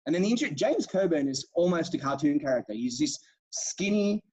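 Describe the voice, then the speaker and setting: Fast-talking, sweary podcast guy. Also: a little high, lively intonation, a little mellow, slightly rough. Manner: profane, rambling, enthusiastic retelling of scenes. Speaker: podcast co-host. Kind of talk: casual film chat. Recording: dull lo-fi sound.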